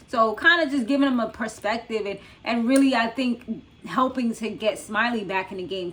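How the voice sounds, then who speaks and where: A woman's voice: medium pitch, a bit bright, slight background noise. A young woman hosting her own channel, recapping a reality show in a chatty, loose way, full of fillers and frequent laughs. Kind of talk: casual recap commentary.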